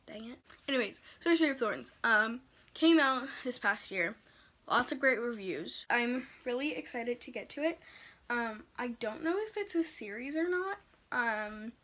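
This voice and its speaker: A young woman talking casually about books she wants to read, chatty and excitable with lots of fillers. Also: fairly high pitch. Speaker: book vlogger. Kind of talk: casual chat. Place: home room.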